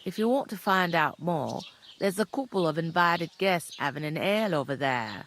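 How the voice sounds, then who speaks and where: A woman's voice: on the low side, expressive, normal speed, a bit bright. Game tavern keeper, woman, gossipy and blunt, shifting accent, light hiss behind. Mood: chatty. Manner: accent drifts between regions mid-sentence.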